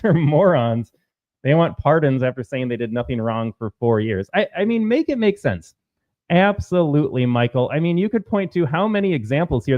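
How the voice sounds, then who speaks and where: A man hosting a political commentary show, talking in a combative, sarcastic way and mocking opponents with put-on quotes. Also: a little high. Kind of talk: opinion commentary. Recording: phone-like narrow sound.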